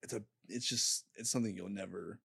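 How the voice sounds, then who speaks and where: A young man guest on a podcast, telling a story in casual chat, halting with lots of fillers and swearing. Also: on the low side, fairly even intonation, gravelly, pushed and bright, breathy edge, dry recording, studio quality.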